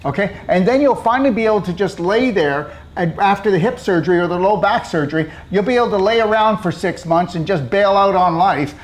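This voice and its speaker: A man's voice: high voice, expressive, a little fast, hardly any pauses. Blunt, preachy man talking health. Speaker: host. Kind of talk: casual health talk.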